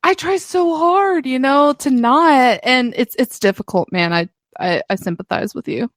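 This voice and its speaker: A woman's voice: sits high, a little slow, dry recording. A young woman co-hosting a podcast in casual chat, laughing often and swearing freely. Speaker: podcast co-host.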